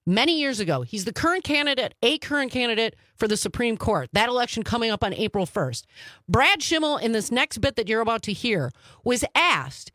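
A woman's voice: a little high, fairly quick, no room sound, clean studio sound. A woman hosting a talk radio show, opinionated and emphatic, stretching out words to make her points. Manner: animated and emphatic, dragging out key words. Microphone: studio microphone.

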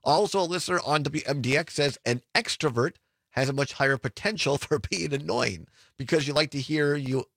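A man hosting a radio talk show in casual, upbeat chat, laughing easily and slowing down for phone numbers. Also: a little high, creaky, a bit bright, breathy edge, no echo.

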